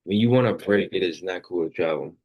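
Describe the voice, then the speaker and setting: A man with a deep, low voice hosts a faith podcast and tells a personal story. He rambles casually, leaning hard on fillers. He stays earnest and open the whole way through. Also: a little fast, breathy edge, lo-fi sound. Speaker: podcast host.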